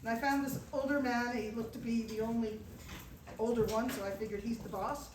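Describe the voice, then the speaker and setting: Animated woman storyteller in a roomy hall. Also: a little high, fairly quick. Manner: animated, acts out quoted dialogue. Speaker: guest speaker telling travel stories. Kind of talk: live storytelling to an audience. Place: event room with a small audience. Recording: roomy, distant mic, faint noise.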